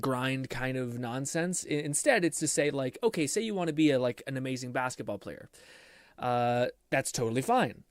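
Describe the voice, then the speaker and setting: A man's voice: medium pitch, no room sound, clean studio sound. A man live streaming from his home computer, chatting casually with viewers and rambling and swearing while he troubleshoots his PC.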